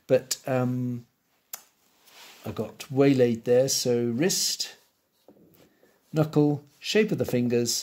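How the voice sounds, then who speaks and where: A man's voice: mid-range voice, a little mellow, a little hiss or hum. A man giving a live drawing tutorial, thinking aloud and correcting himself as he sketches. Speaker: art teacher.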